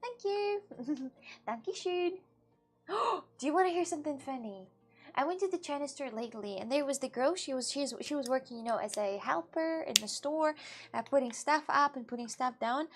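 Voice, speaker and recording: A woman's voice: sits high, fairly quick, faint music behind. A woman streamer chatting casually with her live chat, laughing often and restarting her sentences. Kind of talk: casual IRL livestream chat.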